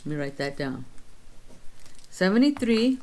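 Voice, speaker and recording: A woman's voice: fairly low pitch, very animated, unhurried, a little mellow, slight background noise. A woman in her sixties chatting casually on her vlog, counting her savings aloud and telling stories of her week. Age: 60s. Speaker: vlog host. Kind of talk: casual chat.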